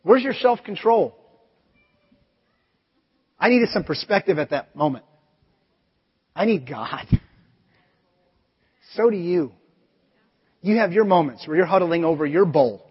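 High-voiced pastor preaching in an echoey hall. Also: male voice, expressive, a little slow, long pauses, slightly rough. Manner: conversational storytelling with acted asides. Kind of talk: sermon. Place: church sanctuary. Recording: echoey church hall, dull lo-fi audio.

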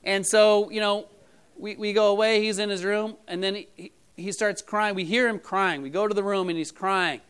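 The preacher, a middle-aged man, speaks at a normal pace in a high voice that is steady, clear and resonant, with a bit of brightness. He addresses his church in a casual, story-driven sermon heavy on fillers, captured in a church audio recording.

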